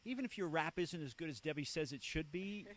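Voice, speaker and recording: A man's voice: on the high side, expressive, fairly quick. A man hosting a local show, interviewing a guest in a cafe in an upbeat, promotional way. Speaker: host. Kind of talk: casual interview. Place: inside a cafe.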